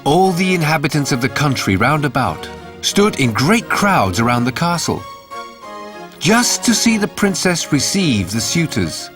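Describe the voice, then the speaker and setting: Expressive male fairy tale narrator. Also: on the high side, unhurried, music in the background. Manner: expressive storytelling.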